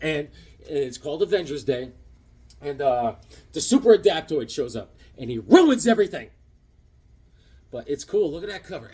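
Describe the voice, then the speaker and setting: Animated, husky-voiced man telling stories. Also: fairly high pitch. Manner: animated storyteller, acts out voices. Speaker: comic book vlogger. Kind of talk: casual show-and-tell chat.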